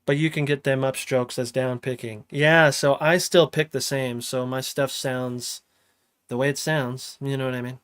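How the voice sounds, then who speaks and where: A young man chatting casually on a livestream as he makes music, slangy and relaxed, often laughing. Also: medium pitch, normal speed, clear, resonant tone, dry recording. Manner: laid-back, slangy, laughs often, talks while working. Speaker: music producer streaming. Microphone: studio microphone.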